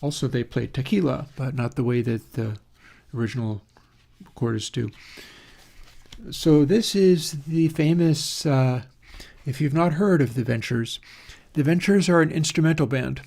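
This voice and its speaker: A man's voice: medium pitch, unhurried, vocal fry, darkish tone. A man hosting his own channel, talking casually and thinking aloud as he goes, with fillers and self-corrections. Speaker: host of an audio plugin channel. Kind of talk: casual rambling chat.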